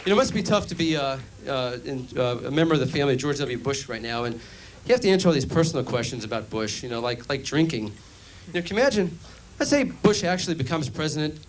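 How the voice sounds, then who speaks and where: Man, stand-up comedian, fairly high voice, deadpan delivery, club stage, noisy recording. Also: quick pace, few pauses. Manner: deadpan joke delivery with mock phone-call bits.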